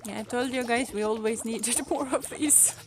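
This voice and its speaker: A woman's voice: on the high side, normal speed, music in the background. A woman streamer giving casual let's-play commentary, thinking aloud in a playful way and chatting with her viewers. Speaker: VTuber streamer.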